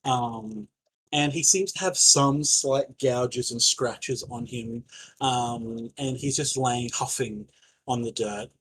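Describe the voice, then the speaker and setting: A man's voice: mid-range voice, takes it slowly, fairly bright tone, husky, low-quality recording. A man running a tabletop game as game master, narrating loosely with many fillers and casual swearing.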